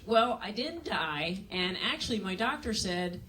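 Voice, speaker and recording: A woman's voice: mid-range voice, normal speed, few pauses, fairly bright tone, far from the mic, slight background noise. A woman doing a stand-up comedy set on a club stage, telling dry, self-mocking stories and acting out other people's voices.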